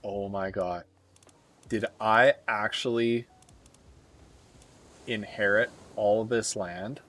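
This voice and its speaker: Slow-talking Canadian man streaming a game. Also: on the low side, fairly even intonation, a bit bright. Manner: rambling, thinking aloud with frequent filler pauses. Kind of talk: casual live game commentary.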